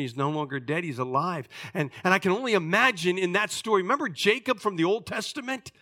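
High, bright-voiced preaching man. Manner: dramatic, acting out characters' lines, swinging from loud to hushed. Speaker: pastor. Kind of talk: sermon.

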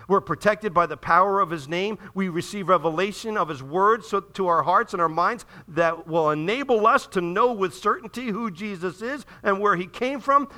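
A man pastor preaching a sermon in a church, swinging between loud emphatic peaks and quiet, hushed appeals. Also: sits high. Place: church sanctuary.

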